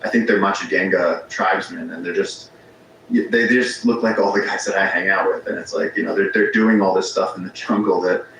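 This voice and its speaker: A man's voice: deep voice, fairly even intonation, fairly quick, a bit bright. A man, a podcast guest, telling rambling stories in casual conversation, often restarting his sentences. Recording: very echoey room with faint ambience noise.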